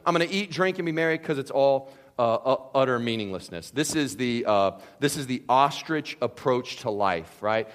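A man preaching a sermon, animated and conversational, acting out the voices of imagined people. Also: fairly high pitch, big-room sound. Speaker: pastor.

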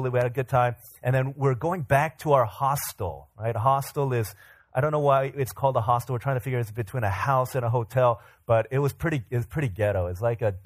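Male pastor, mid-range voice, animated sermon anecdote, dry close sound. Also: medium pitch, no echo. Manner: animated anecdote-telling, acting out quoted voices. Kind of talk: sermon storytelling. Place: church hall.

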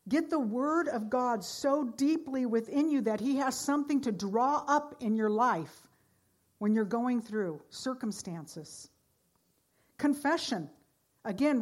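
A woman pastor preaching a sermon, earnest, moving between loud exhortation and hushed storytelling. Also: a little high.

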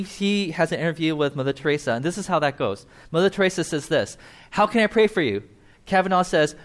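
A man preaching a conversational sermon, acting out quoted voices as he talks. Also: fairly high pitch. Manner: conversational, animated, acts out quotes. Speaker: pastor.

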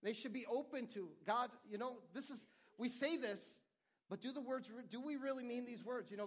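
A man's voice: very high-pitched, moderate pace. A middle-aged male pastor preaching a sermon in an earnest, conversational way, often restarting his phrases.

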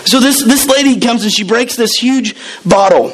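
A man's voice: very high voice, moderate pace, a little hiss or hum, poor audio. A man preaching a sermon in a church, telling stories and acting out the people in them. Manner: animated storytelling with acted quotes.

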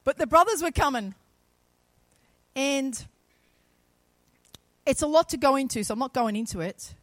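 Brit woman preaching a sermon, high voice, dry close mic, storytelling with big loud bits. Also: expressive, moderate pace, dry recording. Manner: storytelling preacher, swings from soft to loud, emphatic.

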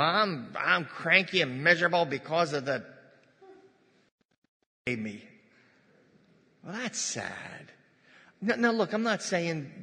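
A man preaching a sermon as pastor in a church, conversational, with asides and jokes to his congregation. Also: medium pitch. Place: church sanctuary. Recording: long reverb of a church hall.

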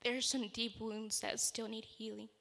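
A woman preaching a sermon with a bright, forceful voice pitched a bit high. She talks in an earnest, conversational way and leads from a personal story into scripture. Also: little pitch movement, moderate pace, vocal fry.

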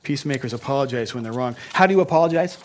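A man's voice: mid-range voice, lively intonation, rapid-fire. A male pastor preaching a sermon in a conversational way, with joking asides.

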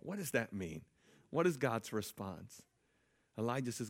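A man's voice: mid-range voice, very animated, a little slow, long pauses. A pastor preaching an emphatic sermon, calling out to his listeners. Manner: emphatic, calls out to the congregation.

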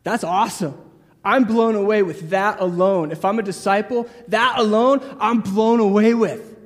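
High-voiced man preaching in a hall. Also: moderate pace. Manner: lively, acts out crowd voices, casual asides. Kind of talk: sermon.

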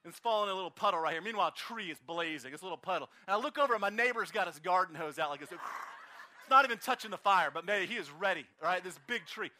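A man preaching outdoors at a park service, telling a lively anecdote and acting out the other people in it. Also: sits high, fast. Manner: animated, acts out voices in anecdotes. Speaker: pastor. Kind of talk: storytelling sermon.

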